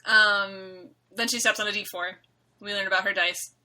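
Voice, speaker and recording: A woman's voice: medium pitch, normal speed, rough recording. A woman co-hosting a podcast, talking casually and emphatically with many fillers. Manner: animated, filler-heavy, emphatic. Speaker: podcast co-host. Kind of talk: casual chat about a webcomic.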